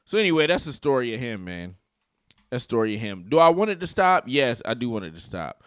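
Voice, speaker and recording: A man's voice: mid-range voice, sing-song, quick pace, fairly bright tone, clean tone, no room sound, clean studio sound. A man giving casual, opinionated political commentary for his channel, slangy and full of joking asides. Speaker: YouTube commentator.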